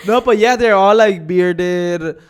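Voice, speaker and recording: High-voiced young man, easygoing podcast chat. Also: takes it slowly, smooth. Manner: easygoing, slangy storyteller. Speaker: podcast co-host. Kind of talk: casual chat.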